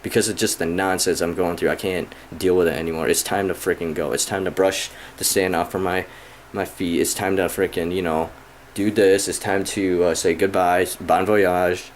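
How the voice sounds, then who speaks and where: Thirties male vlogger, low voice, rambling profane rant, faint room noise. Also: little pitch movement, moderate pace. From Michigan, USA. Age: 30s. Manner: frustrated, profane, rambling with many fillers. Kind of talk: casual rant to camera.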